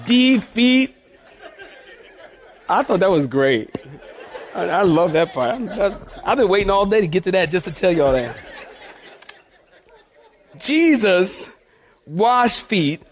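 Male pastor with a high voice, playful storyteller in the pulpit. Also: big pitch swings, a little slow, long pauses, some chatter behind, a little hiss or hum. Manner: playful, laughing often, talks to the congregation. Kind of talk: humorous storytelling sermon. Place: church in front of a congregation.

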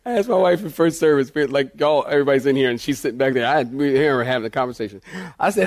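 A pastor delivers a sermon in a fairly high, expressive, darkish voice, speaking a little fast. He tells jokey stories, laughs often, and calls the congregation "y'all."

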